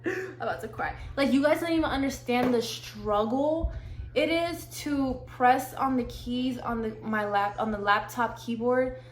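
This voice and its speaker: A woman's voice: fairly high pitch, a little slow. A young woman, gushing and slangy as she unboxes gear in a casual vlog. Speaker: vlogger. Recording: echoey room, faint hiss.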